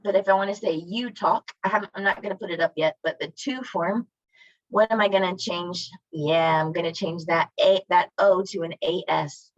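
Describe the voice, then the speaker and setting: A woman's voice: on the low side, steady tone, moderate pace, no room sound. A woman teaching a Spanish class online, asking students questions and praising their answers. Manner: encouraging, asks students questions. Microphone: video call. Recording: dull lo-fi video call audio.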